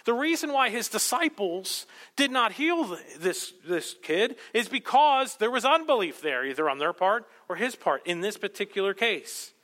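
A male pastor preaches with an impassioned delivery, pressing his points up to emphatic peaks. His fairly high, bright voice cuts through. The sound rings out with the long reverb of a church sanctuary. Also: very animated, moderate pace, few pauses. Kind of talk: sermon. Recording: long reverb of a large hall.

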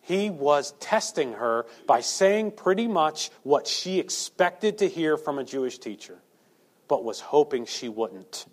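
A man's voice: fairly high pitch, big pitch swings, measured pace. A male preacher delivering a sermon, asking the listeners rhetorical questions and acting out quotes.

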